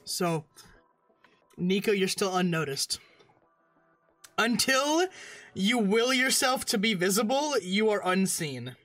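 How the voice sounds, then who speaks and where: A woman's voice: medium pitch, animated, slow pace, pauses often, fairly bright tone, soft background music. A woman narrating a tabletop game as game master, casual and crude.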